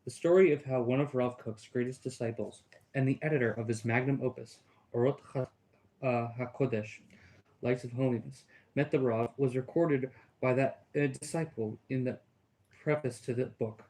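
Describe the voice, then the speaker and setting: A man with a Texas accent, a student reading a text aloud in class, steady with small stumbles. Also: medium pitch, moderate pace, rough recording.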